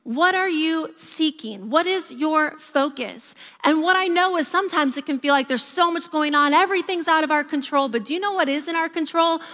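A woman in her thirties, a pastor giving a sermon and telling stories with a lively, varying pace. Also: high-pitched, normal speed, hardly any pauses. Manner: lively storytelling, varied pace. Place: church auditorium. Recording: reverberant church hall.

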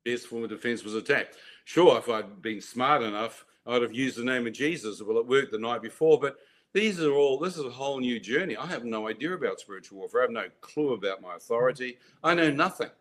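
A man's voice: medium pitch, brisk, a bit bright. An older man telling his life story as an interview guest, vivid and dramatic, with restarts. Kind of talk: animated storytelling.

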